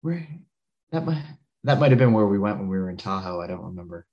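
A man's voice: low voice, animated, quick pace, muffled recording. A young man from New Jersey co-hosting a podcast, chatting in an easygoing, rambling way that trails off. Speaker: podcast co-host. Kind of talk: casual chat.

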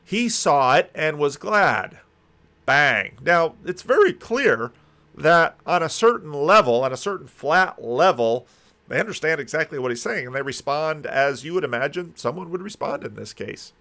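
A man's voice: on the high side, animated, moderate pace, creaky, a bit bright. A man teaching through a Bible passage in a conversational video commentary, musing aloud and landing emphatic punches.

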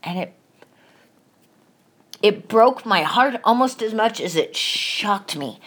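A woman's voice: mid-range voice, lively intonation, unhurried, fairly bright tone, breathy edge. A middle-aged woman hosting a podcast, telling a painful family story in a candid, emotional way and swearing freely. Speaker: podcast host. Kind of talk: personal confessional monologue.

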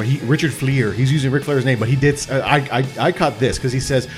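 Brief: quick-talking male podcast co-host, animated and casual. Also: medium pitch, soft background music. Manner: quick, animated, swearing, jumps into loud impressions. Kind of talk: casual chat about wrestling.

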